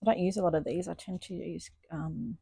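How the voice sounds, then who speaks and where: A woman's voice: fairly low pitch, fairly even intonation, a little fast, vocal fry, mellow, husky, no room sound. A woman chatting casually and thinking aloud as she stitches in her home craft studio, self-deprecating and chatty. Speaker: stitching vlogger. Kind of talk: casual chat while stitching.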